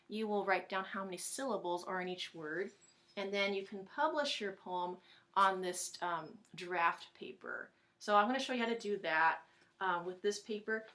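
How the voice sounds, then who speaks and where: A woman teacher giving a recorded lesson for her class, patient and encouraging, thinking aloud and slowly sounding out words. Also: mid-range voice, bright, forceful tone.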